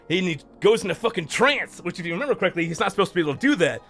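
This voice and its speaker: A man's voice: high-pitched, animated, rapid-fire, creaky, hardly any pauses, sharp tone, faint music behind. A man streaming a game who recaps the story casually, rambling with lots of fillers and swearing. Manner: rambling, profane, filler-heavy.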